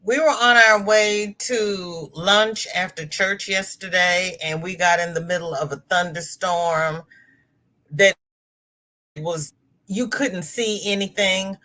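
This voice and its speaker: A woman's voice: on the low side, slow pace, pushed and bright. A woman hosting a casual crochet livestream from her laptop. She greets viewers by name, reads their comments aloud and calls them girl, honey and darling.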